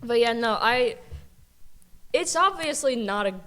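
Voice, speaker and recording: A woman's voice: on the high side, animated, unhurried, fairly bright tone. A woman appearing as a guest on a movie podcast, with dry, sarcastic remarks. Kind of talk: casual chat.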